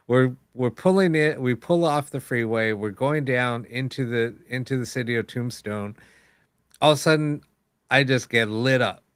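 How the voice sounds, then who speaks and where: A man's voice: medium pitch, clear, resonant tone, no echo, clean studio sound. Man rambling through a casual story. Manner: rambling, with many fillers and quoted dialogue. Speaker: host of a live paranormal show.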